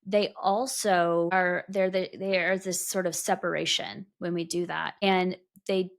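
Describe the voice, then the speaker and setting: A woman hosts a casual podcast interview in a low, gravelly voice with little pitch movement, speaking at a measured pace. She's thoughtful and self-correcting, rephrasing her long questions as she goes.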